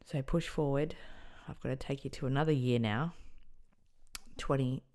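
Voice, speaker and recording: A young Australian woman hosting a podcast, earnestly recounting a personal story and often dropping into quiet, near-whispered lines. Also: very deep voice, moderate pace. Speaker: podcast host.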